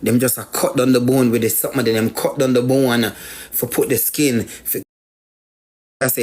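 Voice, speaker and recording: A man's voice: mid-range voice, fairly even intonation, normal speed, darkish tone. A man with a Jamaican accent tells a personal story as a guest, repeating phrases for emphasis. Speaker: guest sharing life story.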